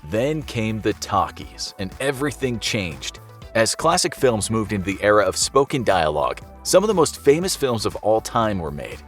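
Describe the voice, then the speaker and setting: A man narrates a scripted explainer in a slightly low voice, chatty and fond of rhetorical questions. Soft music plays faintly beneath him. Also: very animated, normal speed. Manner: conversational, asks rhetorical questions. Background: soft background music.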